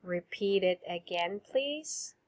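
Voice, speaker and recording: A woman's voice: lowish voice, animated. A woman teacher with a Filipino English accent, leading a recorded vocabulary lesson and having students repeat each word after her. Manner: slow, clear drilling with repeat prompts.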